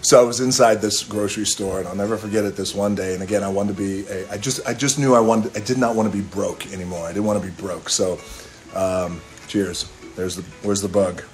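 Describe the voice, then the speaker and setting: A low-voiced middle-aged man rambles through a story on a phone live stream, relaxed and casual. He curses offhandedly and now and then bursts into a snatch of song. Faint music plays underneath. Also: brisk. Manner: laid-back, rambling, swears casually, breaks into singing. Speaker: livestream host telling a story. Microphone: phone camera.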